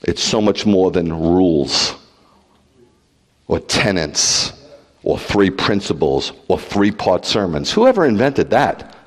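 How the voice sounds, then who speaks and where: A man's voice: sits low, slow. Man, rabbi, livestreamed sermon, blunt teasing delivery, rhetorical questions, long echo of a big hall. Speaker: rabbi, preacher.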